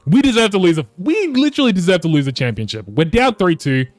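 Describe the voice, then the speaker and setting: A young man giving casual, frustrated commentary over a basketball video game, cursing and swinging from low mutters to loud outbursts. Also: big pitch swings, quick pace, no room sound, soft background music. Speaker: gaming YouTuber.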